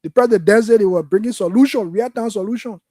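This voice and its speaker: Liberian male talk host, heated political commentary, high voice, dry sound. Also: quick pace, warm tone, no echo. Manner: impassioned, frustrated. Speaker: radio call-in host.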